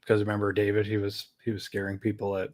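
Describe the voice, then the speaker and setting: A man's voice: lowish voice, monotone, fast talker, a little mellow. A man chatting casually as co-host, teasing and cracking jokes. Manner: joking, teasing. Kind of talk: casual chat.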